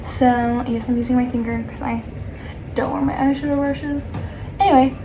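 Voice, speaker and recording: A woman's voice: sits high, normal speed, over music. A woman telling a casual storytime while doing her makeup, chatty and rambling, with frequent laughs and asides. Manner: chatty and animated, laughing often. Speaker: storytime vlogger.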